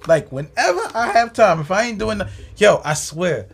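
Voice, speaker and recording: A man's voice: high voice, lively intonation, moderate pace, gravelly, slightly rough. A man co-hosting a casual podcast chat, laid-back and slangy, with lots of filler words. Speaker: co-host.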